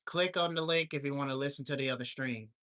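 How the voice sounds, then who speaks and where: A man's voice: mid-range voice, fast, pushed and bright, no echo. A man hosting a casual livestream, telling a story in an indignant, ranting way. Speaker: livestream host. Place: home in Alaska.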